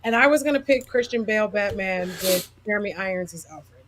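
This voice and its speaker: A woman's voice: medium pitch, a little fast, slight background noise. A woman co-hosting a podcast, chatting casually with frequent laughs and swearing. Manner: laughing, profane, animated banter. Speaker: podcast co-host. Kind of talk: casual chat.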